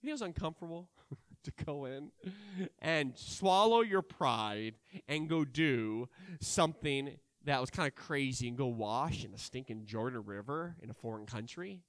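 A man preaching a sermon, acting out Bible characters' lines and swinging between loud and quiet delivery. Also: medium pitch, animated, a little slow, dry recording, clean studio sound.

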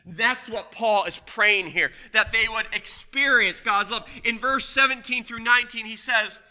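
Bright high-voiced older man preaching. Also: measured pace. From Washington State. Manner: emphatic, swings from loud to hushed. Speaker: pastor. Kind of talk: sermon.

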